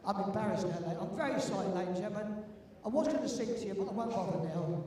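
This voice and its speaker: An older man with a London accent and a very high voice, joking and teasing his way through crowd banter as an event compère. He sounds far from the mic, with heavy echo off a big indoor arena and some faint noise behind. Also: fast, warm tone. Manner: jokey, teasing, chatty with the audience. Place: large indoor sports arena. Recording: echoey hall from far off, with room noise.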